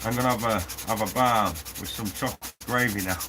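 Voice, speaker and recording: A man chats with viewers and reads their messages aloud, laughing often, as he builds a prop on a casual live stream. He speaks at a fairly low pitch, a little fast and with few pauses, over sanding and 3D printer noise in a loud workshop.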